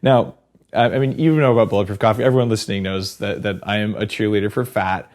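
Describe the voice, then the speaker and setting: A man hosting a podcast interview, introducing his guest and telling stories in a quick, excited way. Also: lowish voice. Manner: excited, storytelling, quick asides. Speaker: podcast host. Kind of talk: casual interview chat.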